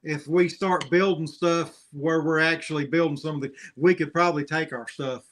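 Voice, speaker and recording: A man rambles folksily through casual chat. His voice sits a bit high, and his tone stays relaxed and plainspoken. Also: moderate pace.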